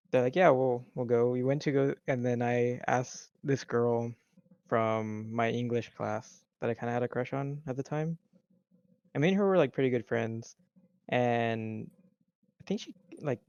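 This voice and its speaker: A young man with a gravelly edge tells a story in a halting, hesitant podcast chat. The recording sounds dull and dry, with no room around it. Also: medium pitch, darkish tone, no echo. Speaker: podcast co-host.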